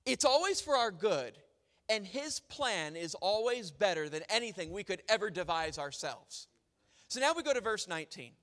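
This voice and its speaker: A man's voice: high voice, a bit bright, in a large hall. A young man preaching a sermon, mixing funny family stories with scripture reading. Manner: storytelling with humor, then reading scripture.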